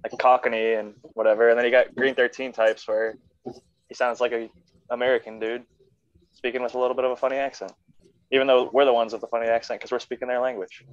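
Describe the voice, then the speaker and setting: A man's voice: medium pitch, flat delivery, fast. An easygoing man chats casually as a guest, dropping swear words freely. His audio comes through dull and lo-fi. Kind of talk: casual chat.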